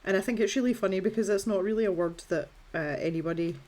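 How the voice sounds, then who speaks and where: A woman's voice: mid-range voice, fast, darkish tone, a little hiss or hum. A Scottish woman in her thirties, talking casually through a colouring tutorial in a chatty, self-deprecating way. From Scotland. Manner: chatty and self-deprecating, with filler words and restarts.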